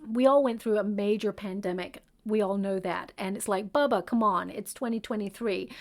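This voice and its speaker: Woman tarot reader, slightly high voice, soothing and reassuring, loose conversational delivery. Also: darkish tone. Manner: soothing, reassuring, with frequent fillers and "okay?" check-ins. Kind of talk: spoken tarot reading.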